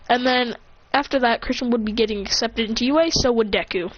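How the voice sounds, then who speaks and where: A woman narrates an improvised fan story in a rambling, self-correcting way, and her voice sits on the high side. The sound is slightly muffled, with a faint hiss underneath.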